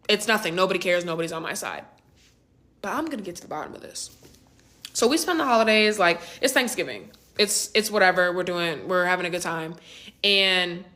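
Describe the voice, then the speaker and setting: A young adult woman narrating a personal storytime vlog in a casual, slangy and animated way, with rhetorical asides to the listener. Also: lowish voice.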